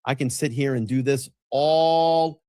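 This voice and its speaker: A man's voice: mid-range voice, fairly even intonation, unhurried, warm tone, no room sound, clean studio sound. A man hosting a live stream, reacting to a clip in a profane, mocking and gleeful way. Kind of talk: casual live-stream commentary.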